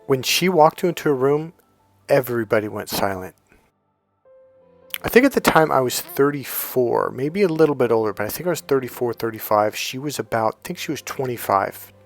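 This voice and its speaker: A man's voice: medium pitch, lively intonation, normal speed, creaky, no echo, faint music behind. A middle-aged man talking as a dating coach in a casual, rambling monologue, retelling old conversations in quotes.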